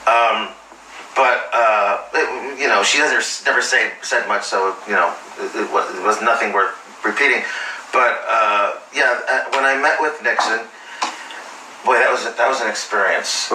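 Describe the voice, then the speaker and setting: A man playing a halting, hesitant storyteller. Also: on the low side, recorded from a distance, background noise, lightly acted. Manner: halting, full of fillers and restarts. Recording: roomy and off-mic.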